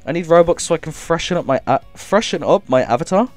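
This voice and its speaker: A man streaming a game live, reading chat aloud and thanking viewers with excitable energy, coughing now and then as if ill. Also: on the high side, normal speed, pauses often, dry recording, soft background music.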